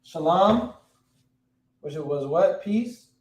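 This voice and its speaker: High-voiced man teaching in echoey room. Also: animated, takes it slowly. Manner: conversational, quizzes the class, slangy. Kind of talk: informal classroom teaching.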